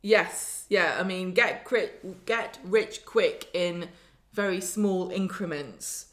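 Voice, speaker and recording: A woman co-hosting a casual chat, recapping a soap episode and acting out its characters' lines. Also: fairly low pitch. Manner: chatty, acts out lines in quick put-on voices. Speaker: podcast co-host.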